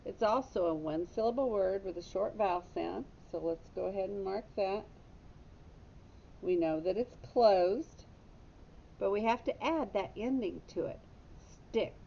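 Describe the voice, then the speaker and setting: A woman's voice: measured pace, vocal fry, mellow. A woman teacher giving a patient phonics lesson to young children, stopping to correct her own slips. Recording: dull lo-fi audio with faint rumble.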